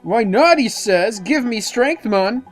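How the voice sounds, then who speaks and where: A gamer reading a cheeky little male fairy sidekick's lines in a raised, animated voice. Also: mid-range voice, slow pace, soft background music, pitched above the performer's own voice. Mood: chipper.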